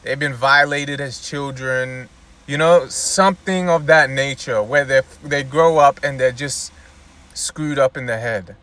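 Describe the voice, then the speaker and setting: A man's voice: medium pitch, a little slow, bright, forceful tone, smooth. A man vlogging from inside a car, ranting in a loose, profane, rambling way, full of "you know" and "like". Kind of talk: casual ranting monologue.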